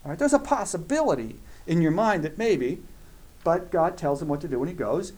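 Man preaching sunday sermon, slightly high voice, reads scripture then acts out the people in it, gets worked up. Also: lively intonation, brisk, darkish tone. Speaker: pastor.

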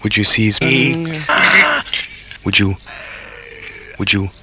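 A man's voice: on the low side, completely flat delivery, slow. Man repeating insistent questions. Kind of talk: experimental spoken-word piece. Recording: loud noisy recording.

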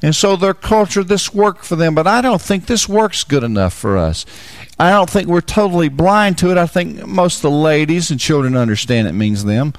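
A man with a high voice gives a Bible teaching sermon in a dry, close sound. He repeats his key phrases, puts questions to the listeners, and drops low and slow to press a point home. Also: animated, no echo. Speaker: preacher.

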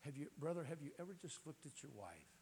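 A middle-aged man preaching an informal Pentecostal sermon in a church, hoarse and raspy, often clearing his throat, with folksy jokes to the congregation. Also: fairly high pitch, big pitch swings, fairly quick, darkish tone, slight background noise. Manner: folksy, joking asides to the congregation.

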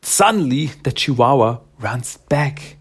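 A man's voice: mid-range voice, expressive, a little slow, slightly rough. A man casually retelling a story, rambling and correcting himself as he goes. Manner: rambling, self-correcting, laughs often.

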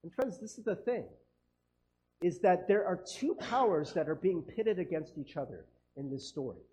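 A man's voice: sits high, animated, moderate pace, dark tone, a little hiss or hum. A man preaching a conversational sermon as a pastor, chatty and casual, acting out quoted voices and laughing often. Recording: dull lo-fi sound.

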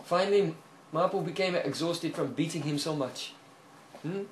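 This is sermon storytelling from a lively male preacher who keeps checking on his audience with "hmm?" and laughs softly along the way. The room echoes, there's a faint hiss, and his voice is on the high side for a man.

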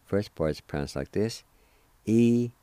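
A man's voice: deep voice, unhurried, mellow, dry recording. A man hosting a radio language lesson, spelling and pronouncing words carefully syllable by syllable and giving friendly reminders to listeners. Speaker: radio host and language teacher.

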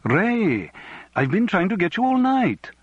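A man's voice: sits high, sing-song, measured pace, husky, no echo, highs cut off, pitched above the performer's own voice, full character voice. A man doing a lilting Welsh party leader. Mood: brisk, eager.

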